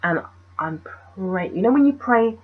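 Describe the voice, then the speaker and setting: Husky-voiced woman telling a story. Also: medium pitch, measured pace, phone-quality sound. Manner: animated retelling full of rhetorical questions. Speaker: vlogger. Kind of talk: storytime vlog.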